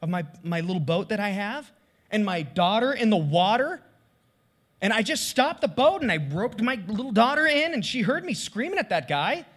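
A man's voice: high voice, sing-song, moderate pace, fairly bright tone. A middle-aged man who pastors a church, preaching a candid, confessional sermon and voicing his own prayers as he goes.

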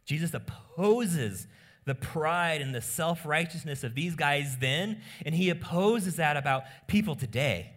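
A male pastor preaching a sermon in an emphatic style, asking rhetorical questions and swinging from soft asides to loud emphasis. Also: a little high, normal speed.

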